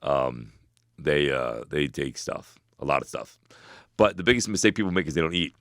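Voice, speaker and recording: A man in his forties co-hosting a casual advice podcast, giving fitness tips in a rambling way with loud laughs. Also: extremely low pitch, dry recording, clean studio sound. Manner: laughs loudly, talks fast with restarts. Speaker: podcast co-host.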